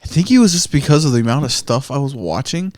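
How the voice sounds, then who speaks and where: A man's voice: mid-range voice, lively intonation, darkish tone. A young man co-hosting a podcast, chatting casually, cracking jokes and swearing. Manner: joking, swears, quick asides. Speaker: podcast co-host. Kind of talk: casual chat.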